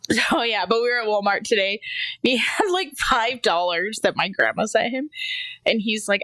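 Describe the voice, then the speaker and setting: A woman's voice: moderate pace, dry recording. A woman co-hosting a casual podcast, telling funny family stories and acting out her kid's lines. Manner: animated storyteller, mimics her son in a high squeaky voice. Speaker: podcast co-host. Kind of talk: casual chat.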